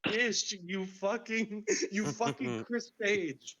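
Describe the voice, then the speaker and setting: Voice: medium pitch, expressive, a little slow, muffled recording, a loud crowd. A podcast co-host from the United States who jokes, teases and gets exasperated between bouts of laughter. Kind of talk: casual chat.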